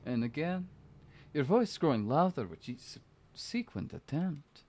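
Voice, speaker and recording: A man voicing a brooding game narrator in a put-on Eastern European vampire accent, throaty and slow, reading dramatically. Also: on the high side, sing-song, dark tone. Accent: generalized Eastern European vampire accent, put on. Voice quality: throaty, air dragged across the larynx.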